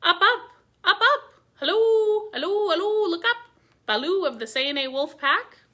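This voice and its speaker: A woman voicing an excitable male kite bird with high calling cries in a storybook reading. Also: unhurried.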